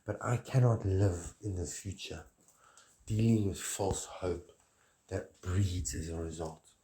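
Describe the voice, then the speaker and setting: A man's voice: low voice, fairly even intonation, takes it slowly, mellow. A man delivering a rambling, grandiose monologue, preachy and swearing often.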